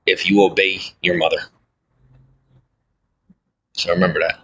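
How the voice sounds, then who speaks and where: A man's voice: sits low, little pitch movement, unhurried, long pauses, fairly bright tone, husky, low-quality recording. A man speaking as a father, giving his son an urgent, earnest warning, repeating himself and restarting his sentences. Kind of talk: earnest personal message to the camera.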